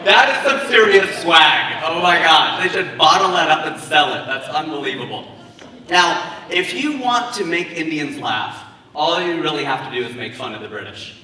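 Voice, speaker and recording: A man doing a stand-up comedy set at a wedding, working the crowd with animated, laughing asides. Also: on the high side, normal speed. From United States. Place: wedding reception venue. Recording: roomy, far-off mic with loud crowd.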